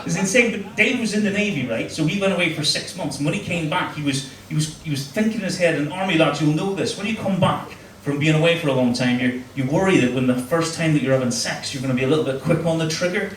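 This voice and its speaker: Speaking fast with hardly any pauses, a Northern Irish comic with a slightly high voice teases the audience through crude banter on a comedy club stage. A distant mic in a roomy venue catches crowd laughter and slight background noise.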